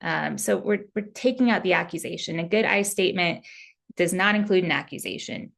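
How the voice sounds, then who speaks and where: A woman therapist with a lowish, gravelly voice gives relationship advice in an easygoing, candid way. She talks like she's chatting with a client, with fillers and sample phrases mixed in. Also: brisk, a bit bright. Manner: casual, candid, with fillers and quoted example phrases.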